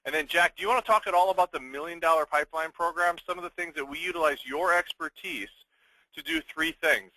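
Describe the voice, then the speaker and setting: A man with a bright, somewhat high voice hosts a sales webinar, pitching upbeat, posing rhetorical questions and answering them himself, and checking in with a quick "okay?". The recording is close, dry, echo-free, and low in quality.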